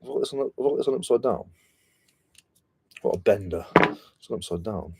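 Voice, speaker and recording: A man's voice: on the low side, lively intonation, moderate pace, gravelly, husky. A British man chatting casually and slangily on a reselling live stream, mocking himself as he goes. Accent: British English. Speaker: reselling vlogger.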